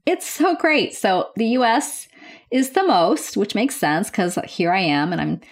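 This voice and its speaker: A woman's voice: medium pitch, lively intonation, measured pace. An American woman nurse hosting her own podcast from a home office, chatting in an upbeat, gushing way. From United States. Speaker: podcast host. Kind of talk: casual podcast chat.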